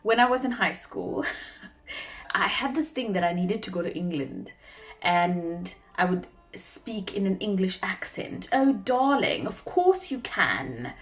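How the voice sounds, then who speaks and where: A woman's voice: fairly low pitch, a little slow. Chatty South African woman vlogger. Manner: chatty, animated, drops into soft asides. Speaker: beauty vlogger. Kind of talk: casual makeup tutorial chat.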